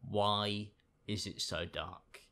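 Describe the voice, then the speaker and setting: A man's voice: lowish voice, takes it slowly. Sarcastic man doing commentary. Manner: sarcastic, deadpan asides. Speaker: YouTube commentator. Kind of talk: casual reaction commentary.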